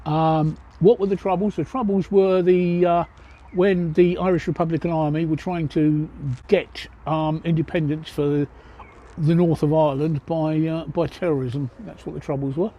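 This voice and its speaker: A man's voice: on the high side, steady tone, normal speed, muffled recording. An older man, a grandfather, chatting bluntly as he answers viewer questions on a live stream from his phone. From England. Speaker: livestreamer. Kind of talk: casual live Q&A chat. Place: outdoors at a pub in a city.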